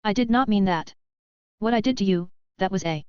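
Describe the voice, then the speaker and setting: A woman's voice: mid-range voice, fairly quick, darkish tone, smooth, no echo, dull audio, close to an everyday voice. A woman reading a guilt-ridden young warrior who speaks with remorse and pleads. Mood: pleading.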